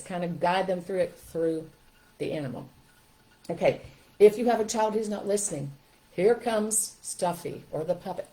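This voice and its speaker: An older woman teaching a live video lesson as a parenting coach, animated and chatty. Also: medium pitch, normal speed.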